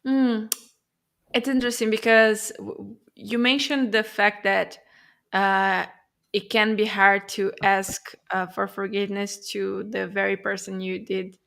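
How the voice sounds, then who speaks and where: Woman, podcast co-host, slow unhurried pace, hesitant, casual reflective chat. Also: mid-range voice, level tone, vocal fry, fairly bright tone. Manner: slow, hesitant, many fillers and restarts.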